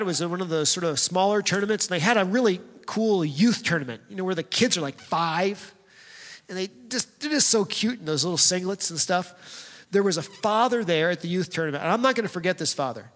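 Male pastor, high voice, chatty storytelling sermon, long hall echo. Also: fairly bright tone. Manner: conversational, storytelling, talks directly to the congregation.

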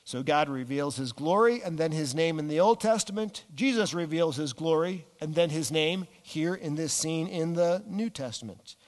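Male pastor preaching, fairly high voice, animated, long hall reverb. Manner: animated, drops low for emphasis, slows on key words. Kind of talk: sermon.

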